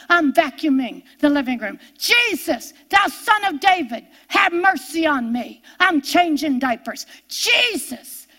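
An older woman delivers a sermon in a high, ringing voice. She leans hard on repeated phrases. Her delivery swings between loud, lifted declarations and quiet, hushed asides. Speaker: preacher.

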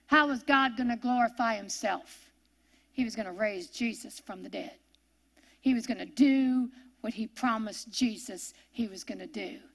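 A woman teaching a sermon, reading scripture slowly and phrase by phrase, dwelling on each word. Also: on the high side, vocal fry. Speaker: Bible teacher.

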